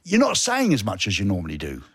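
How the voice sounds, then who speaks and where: Husky, lively radio host guy. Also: lowish voice, fast talker, dry recording, clean studio sound. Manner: chatty, jokey, self-mocking. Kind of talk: casual radio banter and DJ links.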